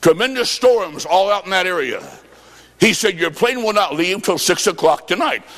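Fervent high-voiced preacher in echoing hall. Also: male voice, animated, moderate pace. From US Midwest. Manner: fervent, shouting bursts, storytelling with quoted dialogue. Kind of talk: revival sermon. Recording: long reverb of a large hall.

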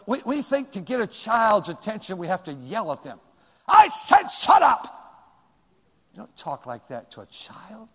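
Older male pastor, high-pitched, dynamic sermon delivery, big reverberant church sound. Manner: swings from shouting to near-quiet asides. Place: church sanctuary. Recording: long reverb in a large room.

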